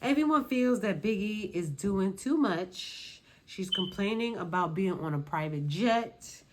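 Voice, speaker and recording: A woman's voice: medium pitch, animated, unhurried, a little hiss or hum. Sassy, dismissive woman reviewer. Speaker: reality show reviewer. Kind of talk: casual commentary.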